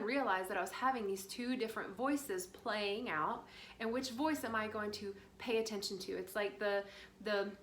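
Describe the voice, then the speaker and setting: A woman's voice: medium pitch, fairly bright tone. A woman giving a casual spiritual talk, chatty and rambling, full of fillers. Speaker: spiritual guide. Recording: roomy with faint background noise.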